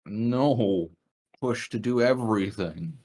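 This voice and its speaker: Slow, deep-voiced man chatting dryly. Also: mellow. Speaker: tabletop game player. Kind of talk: casual chat before an online session. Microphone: computer mic on a voice call.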